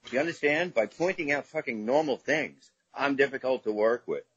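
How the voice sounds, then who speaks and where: A middle-aged man with a husky, slightly rough voice tells rambling stories full of swearing, like a guest comedian chatting freely on a podcast. The recording sounds dull and a little lo-fi. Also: medium pitch, a little fast, a bit bright, dry recording. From Staten Island, New York. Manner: profane, rambling anecdotes. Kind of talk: casual podcast storytelling.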